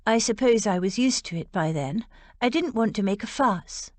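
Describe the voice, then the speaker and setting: A woman's voice: mid-range voice, animated, normal speed, a little mellow, no room sound, close to an everyday voice. A woman reading as a stubborn young Regency lady. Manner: emphatic, stubborn.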